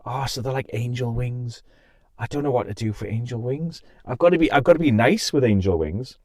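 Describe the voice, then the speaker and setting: A man's voice: medium pitch, brisk, a little mellow, dry recording. A young man hosting a casual live-stream podcast, laughing often and interrupting himself as he reacts to viewers. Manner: giggly, scattered, self-interrupting.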